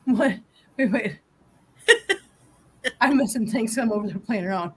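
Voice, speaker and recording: A woman chats casually on a live stream from home. Her voice sits a little high, and she laughs often and slips into a cooing tone for her cats. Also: slow pace, slightly rough. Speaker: host.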